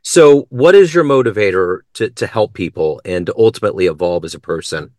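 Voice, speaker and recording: A man's voice: fairly low pitch, lively intonation, fairly quick, a little mellow, dry recording, studio quality. A man hosting a podcast interview, talking reflectively and asking his guest questions. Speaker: podcast host.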